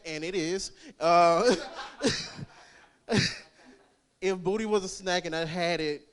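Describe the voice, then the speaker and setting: A man's voice: a little high, smooth. A young man doing rambling, crude stand-up at an open mic, laughing at his own jokes. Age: young adult. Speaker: stand-up comic.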